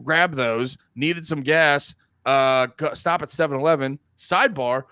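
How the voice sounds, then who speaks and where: A man in his thirties co-hosts a casual podcast chat, rambling, animated and swearing freely, often stammering as he restarts his sentences. His voice is smooth, a little high and a little slow. The sound is clean studio audio with no room sound.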